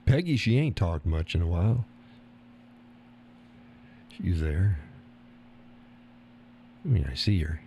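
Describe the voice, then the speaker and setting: A man with a fairly low voice hosts a casual live stream, chatting to viewers. His talk is folksy and meandering, often broken up by chuckles. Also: big pitch swings, takes it slowly, pauses often, mellow, a little hiss or hum. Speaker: live-stream host reading viewer chat.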